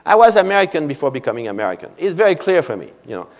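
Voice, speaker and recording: Older French-accented male keynote speaker, higher voice, anecdotal and chatty, long hall reverb. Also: sing-song, very fast. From France. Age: 70s. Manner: anecdotal, frequent "you know" asides. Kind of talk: conference keynote storytelling. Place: convention hall.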